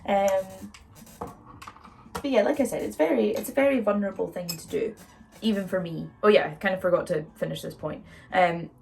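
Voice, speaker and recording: At home with her makeup out, a young woman vlogger rambles through a relaxed get-ready-with-me session, chatty and full of fillers. Her voice sits at medium pitch with a gravelly, darkish tone and moderate pace, and a faint hiss or hum runs underneath.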